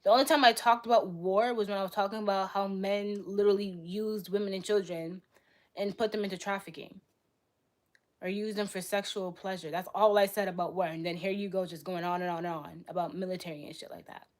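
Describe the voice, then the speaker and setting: A woman's voice: mid-range voice, steady tone. Blunt young woman arguing on a livestream. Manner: blunt, argumentative, rapid-fire retorts. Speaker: livestream host. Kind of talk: live stream debate reading chat.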